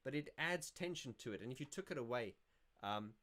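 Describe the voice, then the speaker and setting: A man's voice: medium pitch, expressive, a little fast, fairly bright tone. A man hosting a casual livestream, answering viewer questions in a rambling, self-correcting way. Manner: rambling and self-correcting, sings snippets to illustrate.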